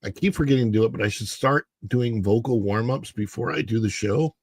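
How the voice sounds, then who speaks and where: A man hosting a casual livestream, chatting and reading viewer comments while his voice is hoarse from the morning and he keeps clearing his throat. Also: lowish voice, fairly quick, a little mellow, no echo. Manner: rambling, chatty, greets viewers by name. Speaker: livestream host.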